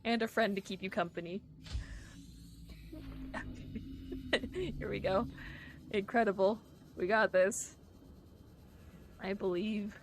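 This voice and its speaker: A woman's voice: mid-range voice, huge pitch swings, slow, vocal fry, pauses often, slight background noise. Giggly woman streaming a game. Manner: chatty, giggly, talks to her viewers. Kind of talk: live-streamed gameplay chat.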